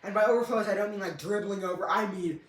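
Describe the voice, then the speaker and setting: A man's voice: sits high, quick pace, a little hiss or hum. A young man casually telling a story, rambling and correcting himself, with a dry, joking humor. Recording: echoey room.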